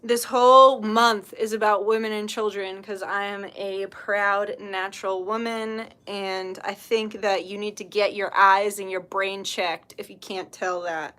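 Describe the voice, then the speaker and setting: Bright-voiced chatty woman livestreaming. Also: mid-range voice, steady tone, measured pace, hardly any pauses. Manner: chatty, laughing storyteller, blunt when annoyed. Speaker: spiritual healer and livestream host. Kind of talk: casual livestream chat, reading comments.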